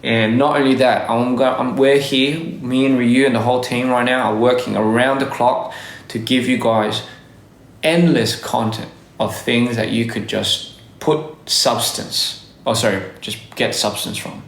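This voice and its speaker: A man on a casual livestream, giving upbeat, rambling shout-outs to fans and stumbling over his words. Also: medium pitch, steady tone, unhurried. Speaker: musician hosting a live stream. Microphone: phone livestream. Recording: echoey room.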